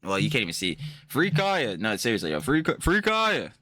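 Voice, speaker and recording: A man hosting a casual reaction stream, animated and profane, repeating himself for emphasis. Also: medium pitch, brisk, no room sound, clean studio sound.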